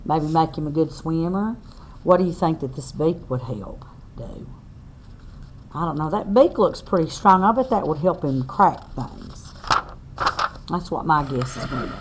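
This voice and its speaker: A woman's voice: deep voice, lively intonation, slight background noise. A woman teacher reads a picture book aloud to young children, asking the class questions as she goes. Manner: slow, sing-song read-aloud with questions to the class.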